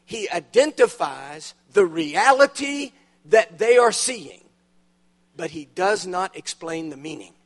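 A man's voice: high voice, lively intonation, slow pace. A man preaching a sermon in a church, telling humorous stories and building to emphatic punchlines. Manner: storytelling with dramatic punchlines, emphatic rises. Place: church auditorium.

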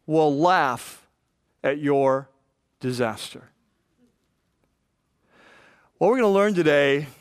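High-voiced man preaching a sermon. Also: clean tone, dry recording, clean studio sound. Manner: animated preaching, quotes scripture in lively voices. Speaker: pastor.

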